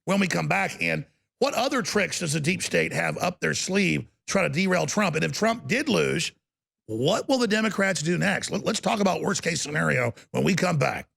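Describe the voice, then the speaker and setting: A man's voice: on the high side, expressive, creaky, fairly bright tone, husky. A man hosting a political talk show, talking in an emphatic, incredulous way. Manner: emphatic, incredulous, fast-shifting delivery.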